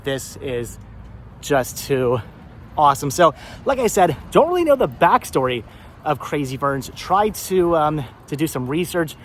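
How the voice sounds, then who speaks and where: Eager male vlogger, a little high, outdoors with faint road noise behind. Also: very animated, measured pace, a bit bright. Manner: enthusiastic, repeats himself, laughs often. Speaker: vlogger host. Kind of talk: casual vlog narration. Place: outdoors at a car wash by a road. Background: faint traffic and honking.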